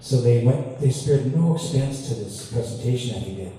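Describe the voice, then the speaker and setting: A man's voice: mid-range voice, normal speed, dark tone. A man from Canada telling chatty, self-deprecating stories between songs to an audience in a hall, laughing along as he goes. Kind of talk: on-stage storytelling banter. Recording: echoey hall, distant mic, faint ambience.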